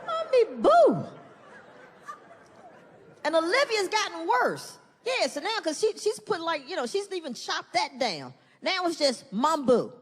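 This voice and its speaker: A middle-aged woman performing a profane stand-up comedy set, animated and shifting into high acted-out voices. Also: moderate pace, hardly any pauses. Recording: live hall reverb, faint room noise.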